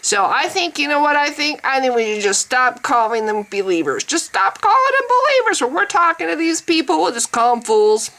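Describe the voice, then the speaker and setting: A woman's voice: sits high, big pitch swings, brisk, few pauses, a bit bright, exaggerated voice, poor audio. A woman playing a smug, self-certain man who preaches and mocks others in a repetitive rant. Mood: scornful. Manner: mocking, preachy, repetitive ranting.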